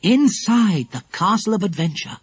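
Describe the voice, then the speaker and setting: A man's voice: sits high, normal speed, husky, dry recording, voice pushed up. A man doing a sensible older schoolboy. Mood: musing. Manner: steady, matter-of-fact. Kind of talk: audiobook character voice.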